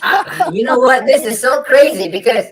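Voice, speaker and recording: Man, interview guest, high chipmunk-like voice distortion, very lively pitch, bewildered, laughing, crowd noise behind. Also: normal speed. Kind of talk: casual chat.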